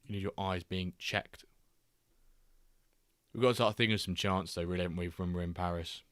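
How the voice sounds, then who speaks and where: A man's voice: low-pitched, fairly even intonation, brisk, fairly bright tone, smooth, no room sound, clean studio sound. A man hosting a casual football watchalong livestream, chatting loosely, reading out viewer messages and making jokey asides. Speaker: livestream host.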